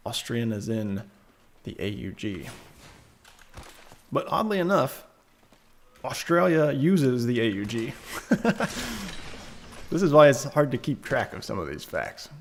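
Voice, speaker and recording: A man's voice: medium pitch, sing-song, measured pace, long pauses, slight background noise. Rambling man chatting on a game stream. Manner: rambling, self-correcting, chatty asides. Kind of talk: casual live-stream chat. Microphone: desk microphone on a shock mount.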